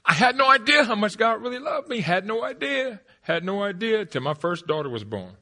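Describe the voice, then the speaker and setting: A man in his forties preaching an energetic sermon with comic stories, laughing often and shouting at the peaks. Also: high-pitched, fairly quick.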